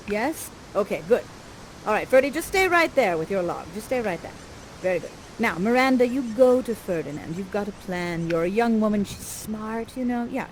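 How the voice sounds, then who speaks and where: A woman's voice: mid-range voice, rough recording. A woman guides participants through a live theater scene, playful and chatty with big theatrical flourishes. Her voice sits mid-range, with faint ambient noise behind her on a headset mic. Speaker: actor guiding participants. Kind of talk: interactive theater narration.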